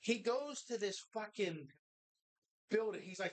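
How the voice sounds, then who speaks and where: A co-host on a live talk show recorded in a bar, swearing constantly while retelling a movie in animated detail. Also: mid-range voice, normal speed. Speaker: podcast co-host.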